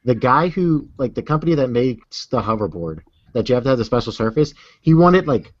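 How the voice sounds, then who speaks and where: A man's voice: medium pitch, lively intonation, a little fast, no echo. Rambling man with lots of ums. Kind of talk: casual chat. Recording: dull lo-fi audio.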